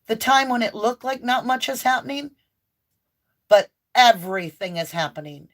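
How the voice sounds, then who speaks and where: A woman's voice: fairly high pitch, lively intonation, moderate pace. A woman giving an impassioned, preachy tarot reading full of emphatic declarations. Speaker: tarot reader. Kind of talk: spiritual tarot reading monologue.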